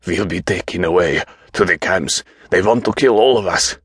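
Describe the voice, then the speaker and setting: A man voicing a delusional older man who calls himself a king, speaking in slow, emphatic, agitated pronouncements. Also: low-pitched, fairly bright tone, slightly rough, no echo, clean studio sound, full character voice. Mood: fearful.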